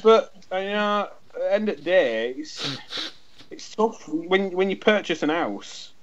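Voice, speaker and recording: A man's voice: high-pitched, expressive, unhurried, lo-fi sound. A man, co-hosting a podcast and telling a rambling anecdote in casual chat, swearing freely and acting out both sides of a conversation. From England. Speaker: podcast co-host.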